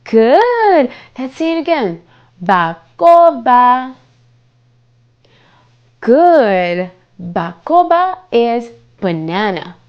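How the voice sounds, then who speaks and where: A woman teaching fruit names to young children, repeating each word slowly and prompting them to say it back. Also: a little high, sing-song, dull audio. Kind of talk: slow, sing-song kids' lesson.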